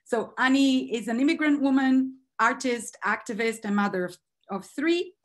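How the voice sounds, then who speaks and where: A woman's voice: a little high, moderate pace. A woman from Brazil, moderating a webinar over a video call and introducing the next speaker, thinking aloud with fillers and restarts.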